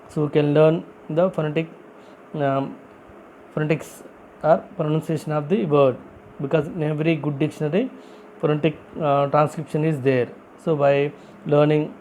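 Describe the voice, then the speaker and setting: Mellow-voiced man teaching an English lesson. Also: on the high side, slight background noise, poor audio. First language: not English. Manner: explains step by step, asks and answers his own questions; repeats key phrases for emphasis. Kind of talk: classroom-style vocabulary lesson.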